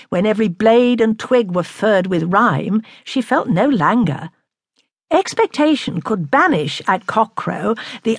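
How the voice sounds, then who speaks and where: A woman narrating a classic novel in a measured, expressive way. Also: medium pitch, breathy edge, no echo, studio quality. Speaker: audiobook narrator.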